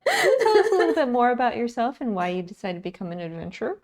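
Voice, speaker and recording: A woman's voice: on the high side, huge pitch swings, rapid-fire, very noisy. A woman playing a tabletop game, speaking as a friendly, welcoming host to a newcomer. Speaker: player.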